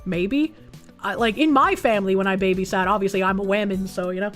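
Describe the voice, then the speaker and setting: A woman's voice: mid-range voice, brisk, a bit bright, faint music behind. A woman live streamer chatting casually with her viewers, blunt and profane, reacting to things with disbelief.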